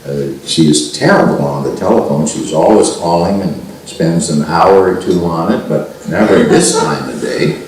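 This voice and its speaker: An older man telling a personal story to a seminar group, halting and restarting often. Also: deep voice, a little mellow, a little hiss or hum. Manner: halting, with frequent restarts and fillers. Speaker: seminar speaker. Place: meeting room at a spiritual center. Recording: roomy archival recording from far off.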